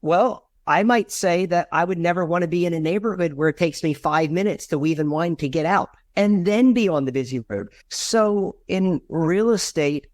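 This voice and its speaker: Man, from Virginia, animated, acts out dialogue, dry recording. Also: normal speed, hardly any pauses, no room sound. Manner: animated, acts out dialogue with big pitch jumps. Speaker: real estate agent, podcast guest. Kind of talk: conversational storytelling.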